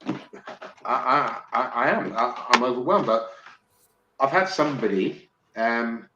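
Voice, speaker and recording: A man from England in casual podcast chat, excitable, swearing freely and stumbling over restarts. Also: medium pitch, unhurried, dull audio. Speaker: podcast guest. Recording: roomy with faint noise.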